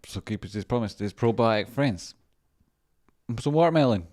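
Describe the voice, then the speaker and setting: A man's voice: fairly low pitch, fairly even intonation, brisk, a little mellow, dry recording, clean studio sound. A man with a Scottish accent, mumbling and muttering to himself as he chats casually on a live stream. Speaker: livestreamer and stock chart analyst.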